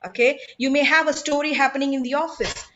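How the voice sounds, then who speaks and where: A woman's voice: sits high, steady tone, quick pace, fairly bright tone, highs cut off, slight background noise. A woman, teaching public speaking in an emphatic, instructive way and putting questions to her audience. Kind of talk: online workshop talk.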